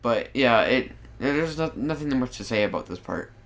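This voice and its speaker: Over background music, a man with a mid-pitched voice and lively intonation narrates his gameplay at a moderate pace. He rambles casually, often starting sentences over and padding them with fillers, all captured on a new desktop mic.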